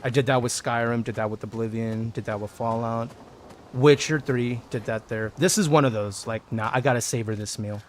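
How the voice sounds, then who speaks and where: A man's voice: medium pitch, moderate pace, a little hiss or hum. A man streaming a video game, chatting casually with his viewers and thinking aloud as he plays. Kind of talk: casual gameplay commentary.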